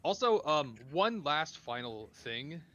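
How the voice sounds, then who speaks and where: A man's voice: a little high, sing-song, takes it slowly, a bit bright, highs cut off. A man playing a tabletop game, describing his character's actions with hesitant fillers. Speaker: player. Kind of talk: tabletop role-play.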